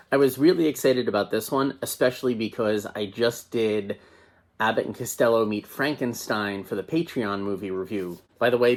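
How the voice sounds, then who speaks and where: A man hosting a casual movie review show, talking enthusiastically and conversationally. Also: on the low side. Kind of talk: casual chatty film review.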